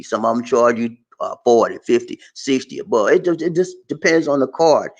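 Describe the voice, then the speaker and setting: Animated man giving casual money advice. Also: medium pitch, reverberant, low-quality recording. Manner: animated, laughs often, acts out phone calls. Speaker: personal finance vlogger.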